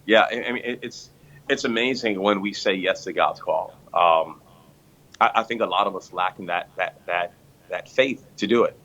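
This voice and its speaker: A man's voice: deep voice, moderate pace, a bit bright, muffled recording, a little hiss or hum. A man who pastors a church, telling his story in an interview with earnest, repeating restarts.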